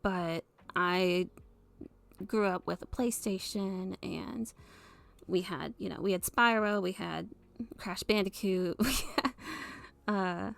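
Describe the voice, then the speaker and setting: A woman in her thirties from the US Midwest, chatting casually on a live stream in a soft, hesitant way with many fillers and giggles. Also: medium pitch, takes it slowly, creaky, dry recording.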